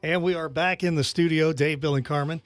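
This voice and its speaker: A man's voice: fairly high pitch, fairly even intonation, brisk, dry recording, soft background music. Guy on the radio, laid back, chatty, dry studio mic. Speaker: radio host. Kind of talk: live radio talk.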